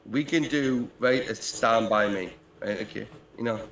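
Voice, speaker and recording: On a call full of joking banter, this middle-aged man from Newcastle in Britain rambles in his Geordie accent, tacking "right, okay?" and "mate" onto every phrase. His voice is on the low side, unhurried and fairly bright. The room echoes, with faint ambient noise.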